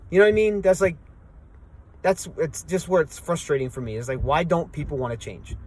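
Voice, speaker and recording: A man's voice: fairly high pitch, quick pace, darkish tone. A man from Southwestern Pennsylvania with a local accent, venting in a rambling, frustrated way in a casual vlog to his viewers. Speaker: vlogger.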